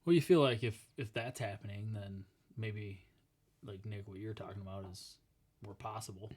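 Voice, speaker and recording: A man co-hosting a casual podcast, telling a story with lively acted-out quotes and laughing as he talks. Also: fairly low pitch, normal speed, breathy edge. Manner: animated storyteller, acts out quotes, laughs while talking. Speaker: podcast co-host.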